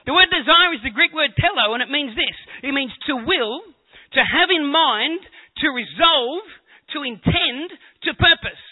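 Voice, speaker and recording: A man's voice: extremely high pitch, expressive, measured pace. A man preaching a sermon to a congregation, talking conversationally and joking with the people in the room. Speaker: pastor. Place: church hall with congregation. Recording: echoey hall on a tinny phone-like line.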